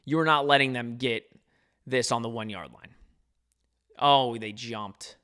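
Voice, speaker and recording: Excitable bright-voiced man reacting live. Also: mid-range voice, measured pace, smooth. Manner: anxious, excitable, talks to chat readers. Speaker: podcast host. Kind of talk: live sports watch-along commentary.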